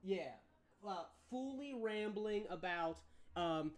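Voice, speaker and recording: A man's voice: high-pitched, animated, a little slow, slight background noise. Man, game master, tabletop narration, hesitant, casual. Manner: hesitant, lots of fillers and restarts, casual.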